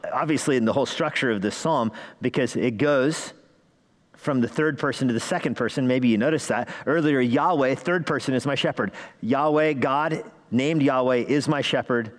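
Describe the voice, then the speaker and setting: A man preaching to a congregation, his voice ringing with a long reverb through a church hall. He leans on rhetorical questions and pushes his emphasis upward, with a voice of middling pitch. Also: normal speed. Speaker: pastor. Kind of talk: sermon. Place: church sanctuary.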